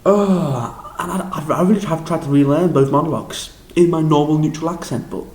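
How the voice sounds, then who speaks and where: A young man with a Liverpool accent, recapping a drama school audition in a rambling, excitable, self-deprecating way with lots of restarts. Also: on the high side, quick pace, reverberant, low-quality recording. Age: young adult. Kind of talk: casual vlog recap.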